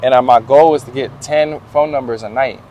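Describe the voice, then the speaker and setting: Young man, outdoor street interview, slangy and unhurried storyteller, mid-pitched voice. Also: dark tone. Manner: slangy, laid-back storytelling. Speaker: interview guest.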